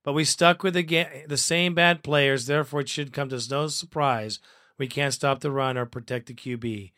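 A man hosting a fan podcast, reading listener comments aloud in a profane, excitable way and laughing often. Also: mid-range voice, moderate pace, no echo, clean studio sound.

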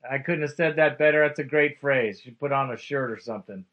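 A man's voice: medium pitch, brisk, lo-fi sound. A man hosting a call-in radio show, upbeat and friendly, calling callers bro and man.

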